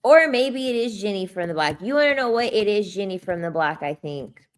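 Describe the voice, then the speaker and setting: A woman's voice: medium pitch, expressive, brisk. A woman streaming casual chat who answers her viewers, laughing often and tossing in slangy asides. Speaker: livestreamer reading chat.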